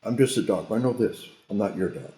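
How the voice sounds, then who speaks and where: A man as a stubborn, deadpan dog. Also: on the low side, brisk, lightly acted. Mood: dismissive. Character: stubborn, plain-spoken dog. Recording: roomy echo.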